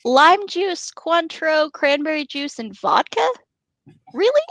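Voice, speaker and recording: A woman's voice: high voice, sing-song, takes it slowly, fairly bright tone, no echo, low-quality recording. A woman co-hosting a podcast, reading a book aloud and breaking off into giggly, joking chat.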